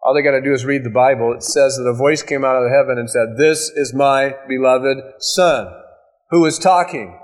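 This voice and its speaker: A male pastor teaching an expository sermon, working through scripture verse by verse and slowing down to quote passages. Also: medium pitch.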